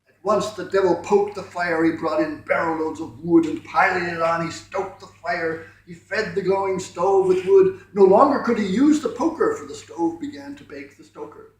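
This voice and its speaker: A man reads rhyming poems aloud at a poetry night, chatting modestly between pieces. His voice sits a little high for a man. He is heard from far off in a very echoey room. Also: normal speed. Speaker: poetry reader. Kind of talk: poetry reading with spoken asides.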